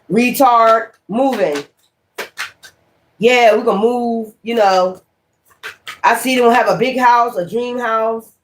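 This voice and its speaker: A woman's voice: fairly high pitch, a little hiss or hum. A woman giving a casual tarot reading in a blunt, rambling, slangy way, swearing freely and repeating key words. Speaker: tarot reader.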